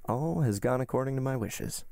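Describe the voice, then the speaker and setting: A man voicing a suave, scheming male count who talks in quiet murmured asides. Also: mid-range voice, expressive, moderate pace, creaky, no room sound, studio quality, voice pushed up.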